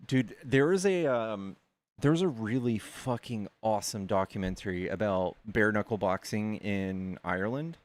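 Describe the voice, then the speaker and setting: A man from the United States streaming, chatting casually and telling rambling, animated stories with plenty of swearing. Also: fairly low pitch, measured pace, no echo. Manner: rambling, animated storytelling with profanity. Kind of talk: casual chat.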